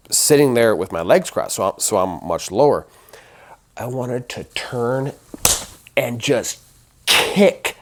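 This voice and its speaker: A man giving a personal testimony as a recovery advocate, talking intensely and profanely, with emphatic repeats and restarted phrases. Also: fairly low pitch. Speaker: recovery advocate telling his story.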